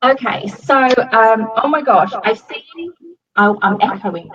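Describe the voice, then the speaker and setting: A woman's voice: a little high, slow pace, a bit bright, muffled recording, a little hiss or hum. A woman giving a casual testimonial to her coach, gushing and swearing often, with many fillers. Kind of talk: casual video-call testimonial.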